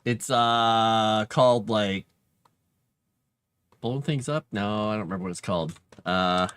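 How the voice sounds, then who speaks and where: A man's voice: on the low side, a little slow, a bit bright, smooth. A man streaming live as he writes fantasy lore, chatting casually and rambling, and reading his drafts aloud under his breath.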